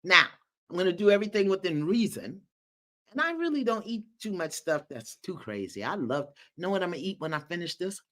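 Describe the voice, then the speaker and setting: Animated woman hosting a live call. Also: on the low side, a little fast. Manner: animated, laughing, folksy and preacherly, calls out encouragement. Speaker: host of a live community call. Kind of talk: lively live-stream talk, reading viewer comments aloud. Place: her home in the countryside.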